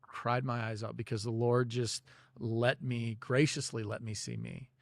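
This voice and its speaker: A man's voice: medium pitch, flat delivery, unhurried, vocal fry, dry recording, clean studio sound. A man guest on a podcast telling a personal faith story in a loose, conversational way, full of "you know" and "like". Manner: religious, speaks of God and prayer. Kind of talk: storytelling in a casual interview.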